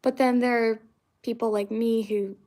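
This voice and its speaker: A woman's voice: fairly high pitch, fairly even intonation, moderate pace, mellow. A young woman from Florida chatting casually to her viewers, rambling with lots of fillers and restarts. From Central Florida, US. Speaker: vlogger. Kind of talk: casual chat to camera.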